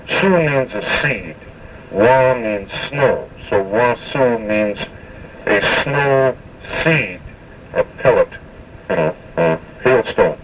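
A man giving a spoken language lesson, slowly and carefully repeating words to show their pronunciation, with many hesitations. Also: medium pitch, far from the mic, a little hiss or hum, low-quality recording. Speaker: language teacher.

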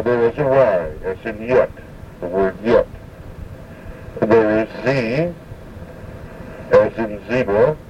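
A man teaching pronunciation, speaking haltingly with frequent pauses. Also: lowish voice, a little mellow. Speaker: language instructor. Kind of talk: explaining pronunciation. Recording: muffled, distant, faint background hum.

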